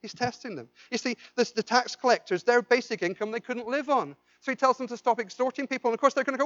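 Impassioned preacher, high voice. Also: male voice, quick pace, hardly any pauses, dry recording, muffled recording. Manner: impassioned, swings from loud pleading to quiet intensity; repeats and restarts phrases, asks the congregation questions. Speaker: pastor. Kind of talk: sermon.

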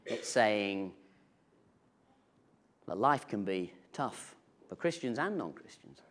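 A man's voice: mid-range voice, animated, takes it slowly, long pauses. A man preaching a sermon in church, conversational and humorous, with playful asides.

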